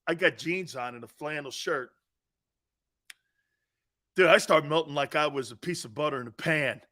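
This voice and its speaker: A man from the Northeastern US hosting a sports talk show, telling profane, animated stories and laughing at his own jokes. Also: a little high, normal speed.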